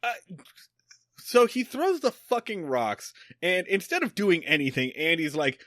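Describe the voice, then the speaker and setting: A man's voice: a little high, very animated, moderate pace, fairly bright tone, no room sound, studio quality. A man co-hosting a comedy podcast, ranting angrily and swearing emphatically. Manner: angry, profane, emphatic ranting. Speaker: podcast co-host.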